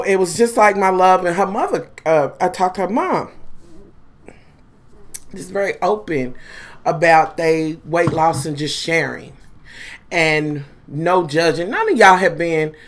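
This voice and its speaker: A woman chats straight to her viewers in a loose, profane vlog. She tells it dramatically, cursing freely, and her voice jumps from loud, high outbursts down to quiet, low asides. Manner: profane, dramatic, animated storytelling. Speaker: vlogger. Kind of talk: casual chat to viewers.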